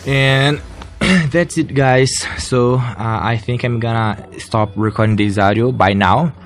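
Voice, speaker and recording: A man's voice: medium pitch, slow, soft background music. A young Brazilian man, a native Portuguese speaker, talking with a Brazilian accent in a casual solo podcast from home, hesitant and full of fillers. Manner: hesitant, many fillers and restarts, laughs softly. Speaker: podcast host, English learner.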